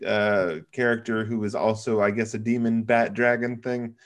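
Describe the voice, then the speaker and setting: A man with a fairly low voice talks through a film with friends in an easygoing way. He hesitates a lot, restarting sentences and filling gaps with ums and you-knows. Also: little pitch movement, moderate pace. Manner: hesitant, many fillers and restarts. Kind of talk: casual film discussion.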